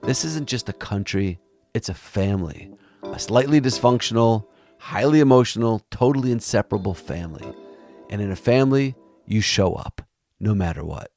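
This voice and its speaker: A man's voice: fairly low pitch, lively intonation, normal speed, darkish tone, soft background music. Man narrating a reflective podcast story. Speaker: podcast host and interviewer. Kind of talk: narrated documentary podcast with interview.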